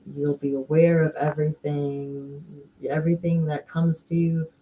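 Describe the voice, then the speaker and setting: A woman co-hosting a casual spiritual talk, speaking in a calm, steady, reassuring way. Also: low-pitched, unhurried, rough recording.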